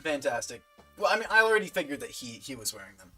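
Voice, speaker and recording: A woman streaming a story game from home, reading its text aloud and thinking out loud between laughs. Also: sits low, sing-song, fast talker, rough recording. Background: faint game music.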